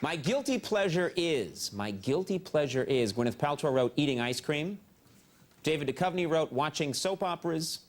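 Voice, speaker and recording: A man's voice: on the high side, expressive, moderate pace, some chatter behind, slight background noise. A man in his forties hosting a late-night show, reading mock survey answers with wry, mock-serious punchlines. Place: TV studio stage before a live audience. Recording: TV broadcast with loud audience laughter. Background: studio audience laughing.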